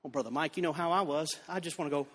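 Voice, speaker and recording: A man preaching a revival sermon in a church, moving from storytelling into shouted fervor. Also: a little high, racing, husky. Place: church sanctuary. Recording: long church reverb.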